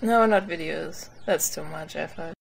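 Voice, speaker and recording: German lady talking slow in a chill q&a, short answers, giggly, faint hiss behind her. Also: low voice, gravelly. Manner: soft-spoken, short replies, giggles. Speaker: co-host of a Q&A chat. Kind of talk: casual chat.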